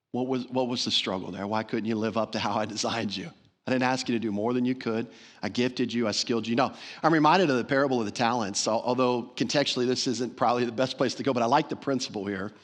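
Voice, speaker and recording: A man's voice: medium pitch, fairly quick. A man preaching a sermon as pastor, earnest and emphatic, repeating phrases for stress. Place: church sanctuary.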